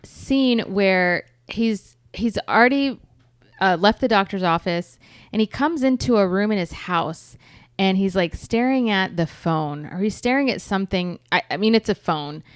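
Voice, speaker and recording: A chatty woman co-hosting a podcast and thoughtfully picking out small details. Her pitch is mid-range and the recording is dry, with no echo. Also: a little slow, smooth. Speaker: podcast co-host. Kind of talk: casual chat.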